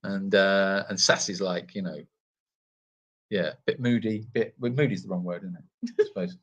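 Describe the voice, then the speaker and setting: A man's voice: deep voice, normal speed, a bit bright. A man hosting a casual live Q&A from an animal sanctuary, reading viewer comments in a playful, self-deprecating way with frequent restarts.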